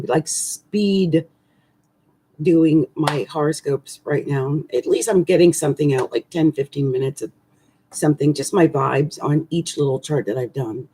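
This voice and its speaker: A woman's voice: low-pitched, moderate pace, mellow, husky. A middle-aged woman astrologer rambling through a casual, tongue-in-cheek horoscope reading.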